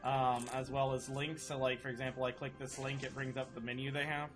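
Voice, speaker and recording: A man running a tabletop game as dungeon master, animated and laughing often. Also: mid-range voice, a little fast, music in the background.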